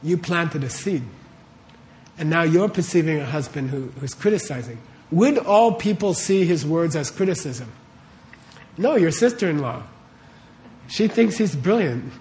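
A man's voice: a little high, animated, moderate pace, darkish tone. A man giving a casual Buddhist teaching to a live audience. He talks conversationally, often asks the audience questions and checks in with them with "okay?" and "right?". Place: warm room with a live audience.

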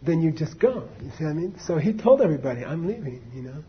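Male teacher, husky, chatty storyteller with asides, dull recording. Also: a little high, big pitch swings, fast talker. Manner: conversational, many fillers and asides to the audience. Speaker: Buddhist teacher. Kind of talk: casual dharma talk, storytelling.

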